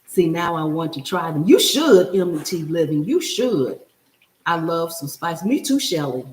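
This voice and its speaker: A woman's voice: on the low side, sing-song, measured pace. Chatty woman in an echoey kitchen. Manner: chatty, reads and answers viewer comments. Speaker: cooking show host. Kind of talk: live-stream cooking chat. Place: home kitchen.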